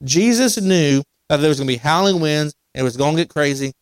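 Male pastor, conversational sermon delivery that climbs to emphasis; slightly high pitch. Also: animated, fairly quick, clean tone, no room sound. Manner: conversational preaching with repetitions and restarts, rising to emphatic. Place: church sanctuary.

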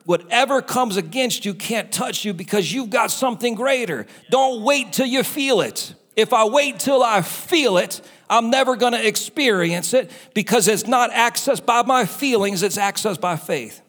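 Male pastor, high voice, preaching, acts out the doubters' and the devil's voices. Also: lively intonation, normal speed, few pauses, a bit bright, faint music behind. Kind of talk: sermon.

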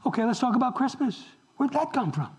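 A man's voice: extremely high pitch, brisk, rough recording. A man preaching a sermon, talking straight to the congregation and asking them questions. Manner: animated, asks the congregation questions. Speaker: pastor.

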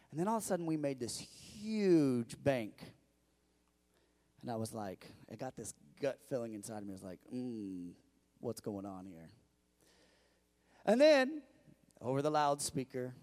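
Brief: middle-aged male pastor, sermon storytelling, lively and chatty with the congregation, medium pitch. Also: long reverb tail. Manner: animated, conversational, addresses the congregation directly.

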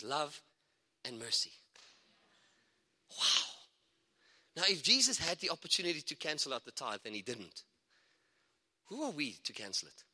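A man preaching a lively sermon as a guest speaker, excitable and chatty, with asides and laughter between points. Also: high voice. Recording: long hall reverb.

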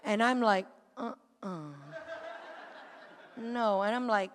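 Woman giving a testimony in church, very high voice, long hall reverb, lively chatty storyteller. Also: normal speed, slight background noise. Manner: lively, chatty storytelling with frequent laughs and rising emotion. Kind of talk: personal testimony storytelling to a congregation. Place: church sanctuary.

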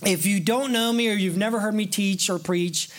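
A man with a high voice preaching in church as pastor. He talks with eager excitement, chatty and quick to joke with his congregation. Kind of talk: sermon. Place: church sanctuary.

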